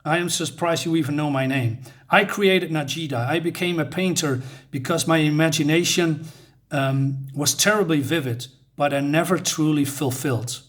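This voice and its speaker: A man's voice: on the high side, moderate pace, lightly acted. A man reading out the lines of a tired, aging male painter, plainly and wearily. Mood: weary.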